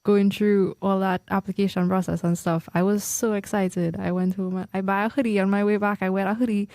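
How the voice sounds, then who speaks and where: A woman's voice: medium pitch, no room sound. A young woman from Trinidad with a Trinidadian accent, chatting casually as a podcast co-host and laughing often. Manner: chatty, laughs often, quick bursts when excited. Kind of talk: casual chat.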